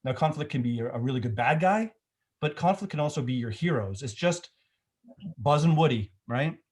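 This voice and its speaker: A man's voice: mid-range voice, animated, normal speed, a little mellow. A middle-aged man, a film director, talking in a casual remote interview, thoughtful and rambling with many restarts.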